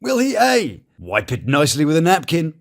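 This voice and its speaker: A man's voice: a little high, wildly swooping pitch, vocal fry. A man, giving cheeky, mocking commentary over reality TV clips. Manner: mocking, cheeky, quick asides. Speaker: reality TV reviewer.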